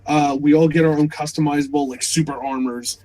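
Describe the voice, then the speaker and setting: A man hosting a casual podcast, excitable and swearing freely, laughing often. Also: fairly high pitch, fairly quick. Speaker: podcast host. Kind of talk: casual chat.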